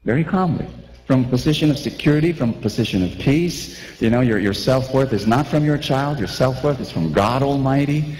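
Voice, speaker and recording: A man preaching a lively sermon, acting out little scenes and asking the crowd questions. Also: medium pitch, a little fast, in a large hall, slight background noise, poor audio.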